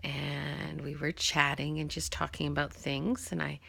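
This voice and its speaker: A woman with a very gravelly, husky voice tells a personal story in a casual vlog. She acts out the dialogue as she goes and often sinks into a hushed whisper. Her tone is low-key and conversational. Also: flat delivery, unhurried, dry recording. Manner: often drops to a hushed whisper at tender moments. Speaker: vlogger.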